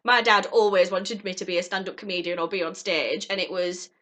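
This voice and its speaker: Bright-voiced woman vlogging earnestly. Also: lowish voice, fairly even intonation, brisk. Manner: earnest, heartfelt, rambling. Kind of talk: encouraging vlog talk to camera.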